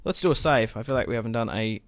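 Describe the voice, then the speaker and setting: Smooth-voiced man rambling through gameplay. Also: medium pitch, fast, no echo. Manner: rambling, thinks aloud, swears casually. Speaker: gaming let's-play host. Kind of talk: casual gameplay commentary.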